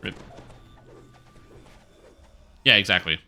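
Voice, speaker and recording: A man's voice: rapid-fire, bright, forceful tone. A man streaming a video game and chatting casually in a rambling way with many fillers. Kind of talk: casual gaming commentary.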